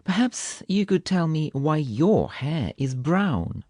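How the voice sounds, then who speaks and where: A man's voice: a little high, very animated, slow pace, darkish tone, dry recording, studio quality, pitched above the performer's own voice, heavily acted. A man voicing a proud, touchy male kitten who spins a tall tale with fanciful, indignant flair. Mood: teasing, indignant.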